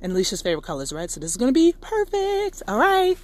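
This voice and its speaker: Young woman vlogger, high voice, bubbly and chatty. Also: huge pitch swings, fast, a little mellow. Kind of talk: casual vlog narration.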